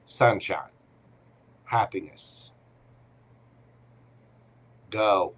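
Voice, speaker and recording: Slow, low-voiced man reading tarot. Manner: playful, teasing, punchy short commands. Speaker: tarot reader hosting a live members Q&A. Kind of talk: live-stream tarot reading.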